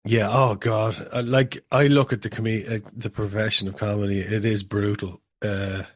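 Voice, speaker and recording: A man's voice: lowish voice, little pitch movement, normal speed, no room sound, clean studio sound. A man co-hosting a podcast, chatting bluntly and swearing freely. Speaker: podcast co-host. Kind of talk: casual podcast chat.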